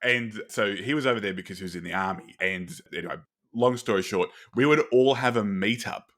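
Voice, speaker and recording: A man's voice: on the low side, fairly quick, fairly bright tone. A man hosting a podcast and chatting in a rambling, friendly way. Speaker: podcast host. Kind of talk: casual podcast chat.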